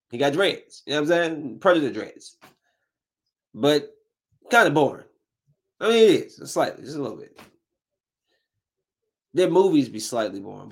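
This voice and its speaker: A man in his thirties hosting a casual solo podcast, talking loosely and ranting with growing animation when something annoys him. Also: mid-range voice. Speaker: podcast host.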